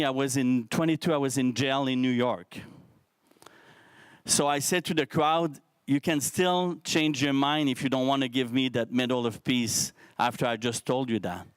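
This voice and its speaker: A man's voice: mid-range voice, smooth, no room sound. A man in his fifties with a Québécois French accent, giving an earnest, candid speech to a youth audience from a stage microphone, often restarting his words. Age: 50s. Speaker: keynote speaker. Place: science centre stage.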